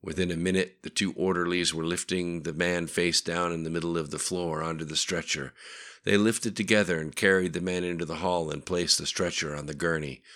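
A man reading a story aloud in a steady, plain narrating voice. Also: sits low, fairly quick. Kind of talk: audiobook narration.

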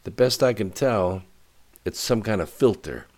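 Narrator playing a tense military technician, clipped technical reports. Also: male voice, lowish voice, animated, unhurried, a little mellow, voice pushed up. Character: tense male military technician at his screen.

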